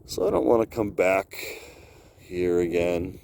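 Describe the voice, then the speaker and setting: A man's voice: deep voice, lively intonation, measured pace, gravelly, darkish tone, slight background noise. A man talking to camera outdoors in a loose, drifting monologue, swearing often and laughing between thoughts. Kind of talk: rambling solo vlog monologue. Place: outdoors on icy cliff edge.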